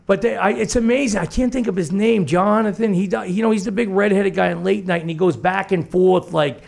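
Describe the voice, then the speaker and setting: A man's voice: sits high, a little fast, vocal fry, darkish tone. A man co-hosting a radio show who asks curious, rambling questions. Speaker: radio co-host. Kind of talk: casual radio chat.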